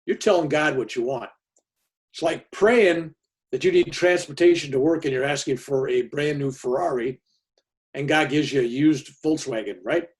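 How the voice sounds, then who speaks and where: Older male reverend, slightly high voice, lively anecdote-teller over a video call. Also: normal speed. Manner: animated storyteller, voice rising and falling with the tale. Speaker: reverend telling a story. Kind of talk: casual storytelling on a video call.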